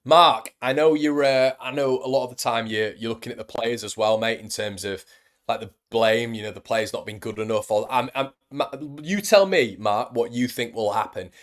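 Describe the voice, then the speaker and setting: A man's voice: mid-range voice, moderate pace. A young man hosting a football fan live stream, chatting casually and reading out viewer comments, calling everyone mate and buddy. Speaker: football fan channel host.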